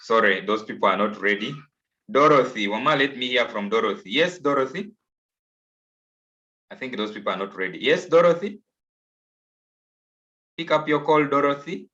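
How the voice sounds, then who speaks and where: A man's voice: mid-range voice, animated, normal speed, pauses often, pushed and bright. A man with a Ugandan English accent teaching an online class, coaxing pupils and repeating himself patiently. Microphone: video call. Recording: dull, lo-fi online call audio.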